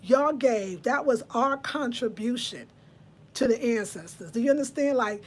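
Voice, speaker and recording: Chatty woman in her fifties, slightly high. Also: lively intonation, moderate pace. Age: 50s. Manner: chatty, reads out viewer comments. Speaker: livestream host. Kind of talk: casual live chat with viewers.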